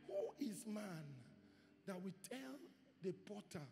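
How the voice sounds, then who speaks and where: High-pitched gravelly preacher in a hall. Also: male voice, wildly swooping pitch, takes it slowly. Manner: emphatic preaching, rising to shouts, quoting voices. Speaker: pastor. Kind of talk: sermon. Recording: reverberant hall with faint music.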